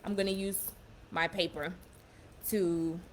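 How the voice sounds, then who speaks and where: A young woman giving a casual motivational talk, emphatic and warm, often repeating and restarting her phrases as she explains. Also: fairly low pitch, level tone, slow pace, slight background noise. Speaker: self-empowerment speaker.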